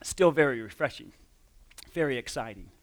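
A man's voice: mid-range voice, animated, moderate pace, no echo. A man giving a conversational sermon as a pastor, telling a personal story with frequent restarts and quoted dialogue.

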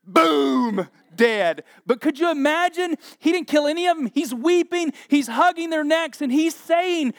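This man in his forties, a pastor, speaks very high-pitched and unhurried, with few pauses, in a studio-quality recording lacking room sound. His sermon mixes scripture storytelling with jokes and lively acted-out voices.

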